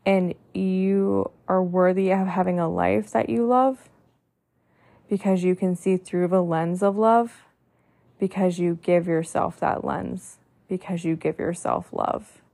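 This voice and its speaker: Earnest low-voiced woman with gravelly fry. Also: fairly even intonation, slow, dark tone. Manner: earnest, repetitive lists, frequent "like" fillers. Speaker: podcast host. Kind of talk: heartfelt motivational monologue.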